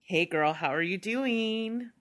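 A woman's voice: medium pitch, expressive, slow. A young woman co-hosting a podcast, chatting casually and laughing often. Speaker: podcast co-host. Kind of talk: casual chat.

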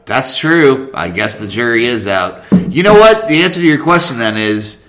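A man's voice: mid-range voice, lively intonation, normal speed, a bit bright. A man co-hosting a podcast in casual chat, joking and riffing in a goofy way. He spins silly made-up scenes, jumps into funny voices and keeps the banter loose. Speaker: podcast co-host.

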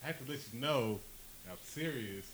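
Animated man from New Jersey. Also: mid-range voice, fairly quick. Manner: animated, emphatic, swears freely. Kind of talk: casual chat. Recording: faint hiss.

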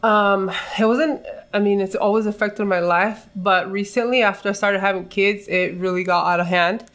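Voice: medium pitch, steady tone, normal speed, a bit bright, smooth. Candid speaker on a podcast. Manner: candid, plain-spoken, mixes in Spanish. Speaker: podcast guest. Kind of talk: casual podcast chat.

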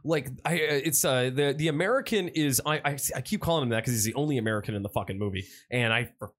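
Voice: medium pitch, fast, fairly bright tone. A podcast co-host casually retelling a horror movie in a rambling, profane way. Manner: rambling, profane, laughing, does voices.

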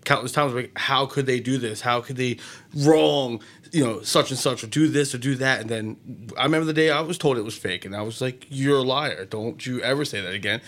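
A man's voice: medium pitch, fairly quick, a bit bright. A man on a radio show chatting enthusiastically about wrestling, rambling and restarting his sentences. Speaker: co-host, wrestling fan. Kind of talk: casual chat. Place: radio studio.

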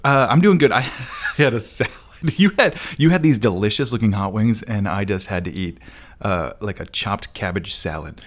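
A man's voice: on the low side, normal speed. A male podcast host chatting casually with a guest, laughing easily and rambling loosely. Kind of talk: casual interview chat.

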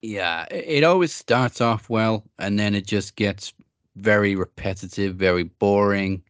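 Male co-host, lowish voice, relaxed and agreeable, dry close sound. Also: unhurried, no echo. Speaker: podcast co-host. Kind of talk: casual wrestling podcast chat.

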